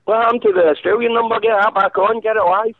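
A man's voice: sits high, fairly even intonation, quick pace, crowd noise. A hungover man calling in to a radio show, rambling and swearing with many ums. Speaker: caller. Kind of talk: casual phone chat. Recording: dry tinny phone line.

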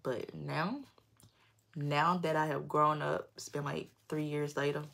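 A young adult woman vlogger telling a personal story in an animated, slangy, emphatic way. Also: deep voice, a little slow, vocal fry. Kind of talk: storytime vlog.

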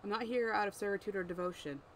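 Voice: medium pitch, quick pace, a little hiss or hum, close to an everyday voice, rough recording. A reader doing a nervous, stammering young mortal man. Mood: earnest. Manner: hesitant, stammering, questioning.

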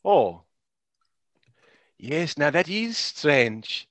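A man voicing an old woman druid who speaks calmly and unhurriedly, with musing pauses. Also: fairly high pitch, no room sound, voice pushed up, exaggerated voice.

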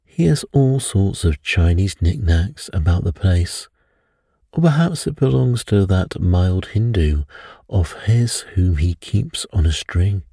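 A man's voice: low voice, lively intonation, takes it slowly, gravelly, warm tone, breathy edge, dry recording, clean studio sound, heavily acted. A man reading a bedtime story, voicing a careless, scoffing middle-aged doctor who laughs things off.

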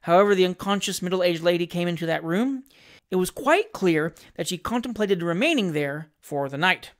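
A woman reading a classic novel aloud as narrator, in a measured, expressive storytelling manner. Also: on the low side. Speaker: audiobook narrator.

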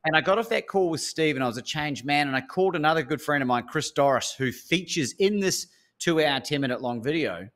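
A man's voice: fairly high pitch, lively intonation, brisk, fairly bright tone. An Australian man, a speaker and coach, telling a story as an interview guest and acting out the phone calls.

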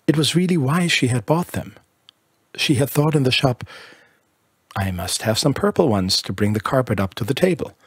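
A man narrating a literary short story in a measured, lyrical reading. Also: medium pitch, husky, no echo. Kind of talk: scripted audiobook narration.

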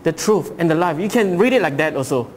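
A man's voice: fairly high pitch, expressive, brisk, slight background noise. A male pastor preaching a sermon, asking rhetorical questions and acting out voices as he reads scripture.

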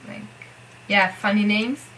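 A woman talks to her viewers in a casual vlog. She speaks slowly and hesitantly, rambling and circling back on herself. Her voice is bright and clear. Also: mid-range voice, fairly even intonation, slight background noise, low-quality recording. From Central Europe. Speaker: vlogger. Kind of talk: casual talking-to-camera vlog.

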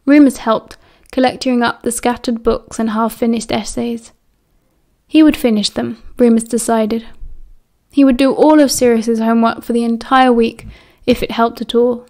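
A woman reads a novel aloud as an audiobook narrator. Her voice is pitched somewhat high for a woman. The reading is steady and even. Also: normal speed. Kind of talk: reading fan fiction aloud.

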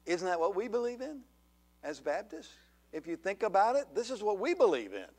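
A man's voice: high voice, very animated, a little fast, a little mellow. A man preaching a sermon as pastor, earnest and full of rhetorical questions to the congregation. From Georgia, USA. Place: church sanctuary.

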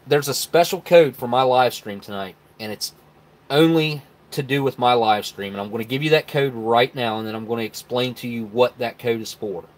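A man's voice: medium pitch, normal speed. Chatty man hosting a live stream. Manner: greets chatters by name, chatty and rambling. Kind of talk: casual live-stream chat.

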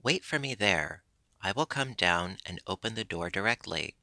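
A man voicing a calm, unhurried female snail who serves in a fairy's house. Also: low voice, no room sound, studio quality, exaggerated voice.

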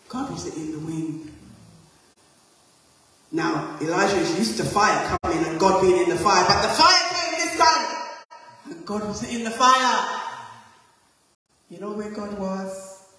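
A woman preacher giving a passionate sermon, swinging between loud calls and hushed asides. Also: medium pitch, a little slow, long pauses. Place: large hall or church. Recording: very echoey hall, voice from far off.

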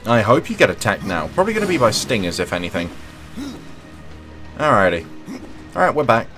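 A man's voice: on the low side, very animated, fairly quick, over music. A young man giving casual, jokey gameplay commentary, humming and talking to the characters on screen. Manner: chatty, jokey, hums, talks to game characters. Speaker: let's play host.

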